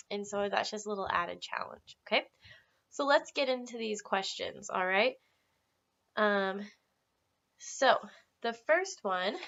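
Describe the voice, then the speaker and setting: A woman leads a beginner English lesson, speaking each phrase slowly so students can repeat it. Her voice sits at an ordinary middle pitch. The recording is a little muffled. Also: a bit bright. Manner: slow, careful modeling of phrases for repetition. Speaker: English teacher. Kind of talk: classroom language lesson. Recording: slightly muffled low-fidelity recording.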